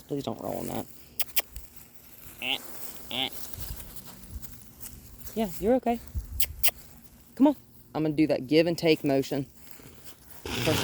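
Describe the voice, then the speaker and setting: A woman dog trainer talks through a hands-on session outdoors, her voice mellow and warm. She moves between soft, coaxing praise and plain explanation, with faint background noise around her. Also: sits low, creaky. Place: outdoors by her front yard and gate.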